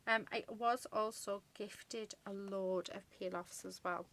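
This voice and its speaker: A woman's voice: medium pitch, fairly even intonation, a little slow, fairly bright tone, slight background noise. A woman chatting casually through a card-making tutorial, gushing over her work with many ums and murmured asides. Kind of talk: casual crafting tutorial chat.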